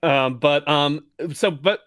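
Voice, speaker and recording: A man co-hosting a casual book club podcast, talking in halting, stammering bursts and laughing along. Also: a little high, a bit bright, smooth, no echo, clean studio sound. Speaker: podcast co-host.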